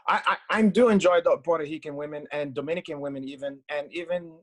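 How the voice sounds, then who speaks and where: A man's voice: a little high, fast, fairly bright tone. A man, a podcast guest bantering in boastful, joking broken English. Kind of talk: comedic banter.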